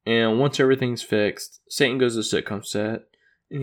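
Speaking at normal speed in a steady, medium-pitched voice, another man gives a casual rundown of a show's episodes. He wanders off track, catches and fixes his own mistakes, and laughs at the way he's retelling it.

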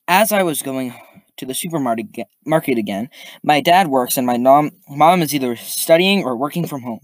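A man's voice: mid-range voice, no room sound. A man hosting a podcast, casually reading online stories aloud, stumbling and adding his own comments. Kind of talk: casual story reading with asides.

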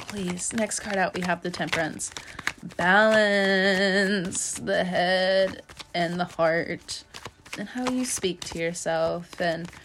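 A woman's voice: medium pitch, slight background noise. A young woman hosting a podcast, giving a casual, chatty tarot reading with frequent laughs and loose filler-heavy talk.

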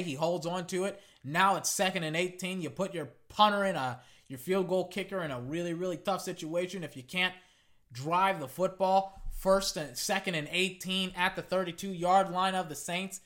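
A young man narrates a football game in a loose, chatty play-by-play. His voice sits high and sounds bright and forward. He wanders into side comments and restarts his sentences often. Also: normal speed. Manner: rambling, chatty, with frequent restarts and asides.

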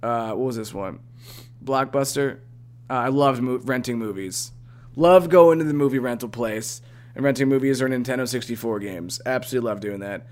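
A man's voice: medium pitch, moderate pace. A young man co-hosting a podcast in casual chat, easygoing and chatty as he moves through the segments. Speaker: podcast co-host.

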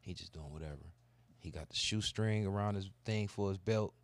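A man telling a long, animated, profane story in casual chat. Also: deep voice, normal speed, no echo. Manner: animated, profane, acts out kids' voices. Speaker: podcast co-host telling a story.

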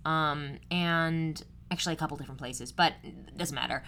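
A young woman in her twenties hosts her podcast solo. Her voice sits low for a woman, and she chats loosely, rambling through her asides with plenty of ums. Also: normal speed, creaky, bright, forceful tone. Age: 20s. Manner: chatty and rambling, many fillers. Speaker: podcast host. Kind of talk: casual solo podcast chat.

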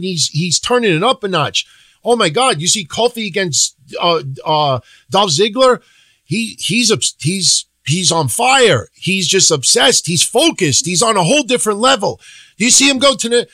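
Guy on a wrestling podcast, kinda high voice, dry close mic, tells it like it is and swears a lot. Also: pushed and bright, dry recording. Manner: blunt opinionated talk, swearing, acts out quotes. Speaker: podcast co-host. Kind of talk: casual wrestling recap chat.

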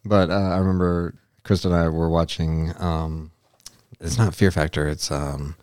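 A podcast co-host tells rambling stories in casual chat, acting out quotes in a high voice. His tone is steady and slightly mellow at a moderate pace, recorded clean and dry in a studio with no echo.

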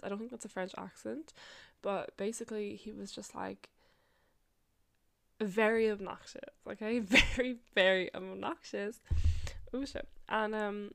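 A woman's voice: medium pitch, fairly even intonation, moderate pace, creaky, a bit bright. Young woman, podcast host, casual storytelling, swears and laughs a lot. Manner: chatty, swearing, laughs often, many likes and asides.

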